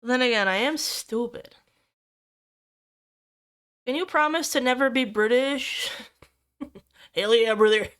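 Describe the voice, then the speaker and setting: A young woman streams and chats casually with her viewers, excitable and quick to swear or squeal at anything cute. Her voice sits high and sounds bright. Its tone is smooth and crisp. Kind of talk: casual livestream chat with viewers.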